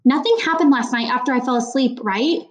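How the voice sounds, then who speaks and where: A woman reading a young schoolboy's lines in an audiobook, making him quiet, hesitant and eager to please. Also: high voice, a little fast, voice pushed up, close to an everyday voice. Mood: timid.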